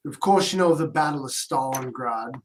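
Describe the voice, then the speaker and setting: A man's voice: mid-range voice, animated, moderate pace. A man in casual podcast banter, joking, who plays at being a bot.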